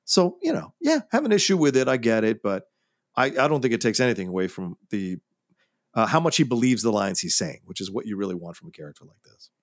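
A man's voice: medium pitch, sing-song, quick pace, no echo, studio quality. Earnest male podcast co-host. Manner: earnest, emphatic opinions. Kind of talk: casual film podcast chat.

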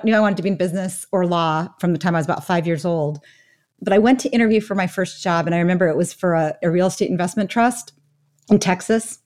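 A woman's voice: mid-range voice, darkish tone. A woman in her fifties, a guest author on an interview podcast, recounting her past in a reflective storytelling way with many casual asides. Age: 50s. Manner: reflective storyteller, frequent "you know" asides.

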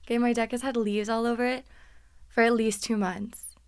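Podcast host, woman, animated sarcastic storyteller, higher voice, smooth and crisp, dry close mic. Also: moderate pace, no echo. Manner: animated, sarcastic, laughs often, acts out quotes. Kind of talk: casual storytelling monologue.

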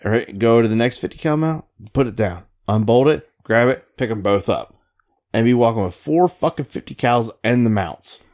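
A man casually telling a profane, animated story about a shipmate from his Navy days. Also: mid-range voice, moderate pace. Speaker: storyteller recalling Navy service. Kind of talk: casual podcast chat.

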